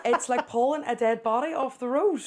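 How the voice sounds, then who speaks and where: Lively Northern Irish woman telling stories. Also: high-pitched, normal speed. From Northern Ireland. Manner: animated storyteller, swears to God, says aye and like a lot. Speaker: podcast guest, content creator. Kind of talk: casual chat.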